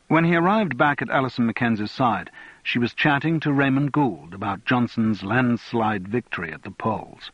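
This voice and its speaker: Reading an audiobook, a man keeps a steady, measured storytelling style in a mid-range, slightly rough voice. There's no echo, but the recording sounds muffled.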